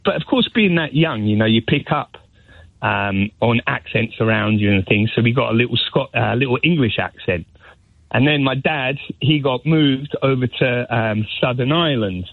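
A man's voice: medium pitch, expressive, normal speed, no echo. A Scottish-born man calling in to a radio phone-in, friendly and chatty as he tells his story. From Scotland. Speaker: caller. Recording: tinny phone line.

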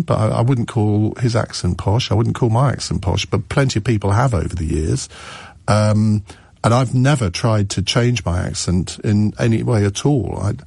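A man's voice: mid-range voice, vocal fry, darkish tone, breathy edge, no room sound. A man hosting a radio phone-in, musing aloud and chatting with callers, often restarting his sentences. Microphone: studio microphone.

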